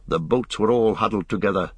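A man reading a fantasy story aloud as an audiobook narrator, in a steady storytelling manner. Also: on the low side, brisk, slightly rough, no room sound. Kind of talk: scripted narration.

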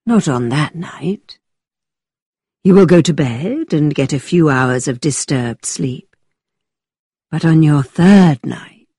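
Woman as teasing young gentleman, low dramatic voice, unhurried, dry close mic. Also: slightly rough, no echo, full character voice.

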